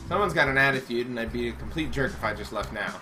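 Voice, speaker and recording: Male game reader, mid-pitched, plays up the drama, throws in snarky remarks, soundtrack underneath. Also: fast, music in the background. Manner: dramatic, sarcastic asides. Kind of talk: reading a visual novel aloud.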